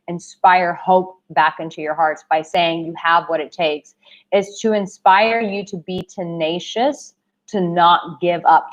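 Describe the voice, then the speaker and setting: A young woman coaching on a live stream Q&A, affectionate and emphatic, calling viewers babe. Her voice is going. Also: on the low side. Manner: emphatic, repeats herself. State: losing her voice. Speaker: dating and relationship coach. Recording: dull lo-fi livestream audio.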